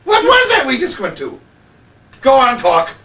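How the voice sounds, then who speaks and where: A man's voice: very high voice, wildly swooping pitch, normal speed, bright, forceful tone, echoey room, recorded from a distance. A man co-hosting an amateur comedy show with wisecracks. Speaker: co-host. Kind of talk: comedy chat.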